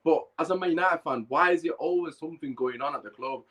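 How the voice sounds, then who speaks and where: A man's voice: a little high, quick pace, fairly bright tone, husky, low-quality recording. A man hosting a fan podcast, heated and emphatic, repeating his points, with a bad cough. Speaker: podcast host. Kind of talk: live fan podcast rant and chat.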